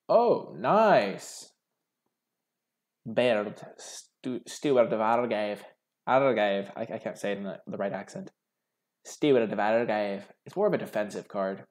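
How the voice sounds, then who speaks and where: A young man with a fairly low, creaky, dark voice hosts a card game video. He thinks aloud about his draft picks, musing and hesitant, with plenty of filler words.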